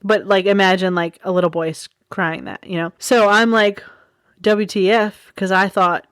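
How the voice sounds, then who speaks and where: A woman in her forties hosting a casual storytelling podcast. She talks in a chatty, giggly way, tossing in wry asides at a middle pitch. The sound is dry and close, with no room around her voice. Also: fairly even intonation, normal speed, a bit bright, no echo. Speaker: podcast host.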